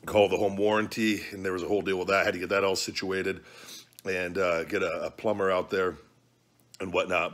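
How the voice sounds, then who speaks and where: Low, husky-voiced man chatting casually. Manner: loose, joking, profane banter. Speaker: vlog host. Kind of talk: casual vlog talk during a hot food challenge. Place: at home.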